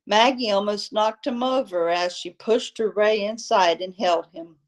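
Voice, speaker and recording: Woman reader, novel read aloud, slow and steady delivery. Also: medium pitch, rough recording. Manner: steady, unhurried storytelling. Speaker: audiobook reader.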